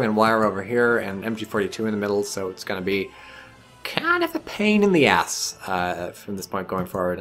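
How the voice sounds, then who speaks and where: A man's voice: fairly low pitch, a bit bright. A man casually commentating a strategy game match, rambling and joking, swearing freely as he goes. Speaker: game shoutcaster.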